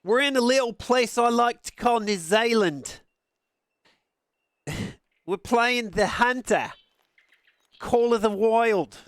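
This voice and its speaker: A man casually commentating a game stream from an upstairs room at home, excitable and profane, laughing often. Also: very high-pitched, slow, pauses often, clear, resonant tone, dry recording.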